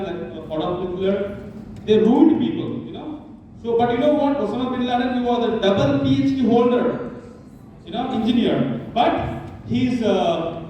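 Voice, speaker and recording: A man's voice: sits high, mellow, slight background noise. A man giving an interactive motivational talk, quizzing the audience and coaxing answers with repeated "okay?". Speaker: motivational speaker. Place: large hall with a live audience. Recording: echoey hall from far off.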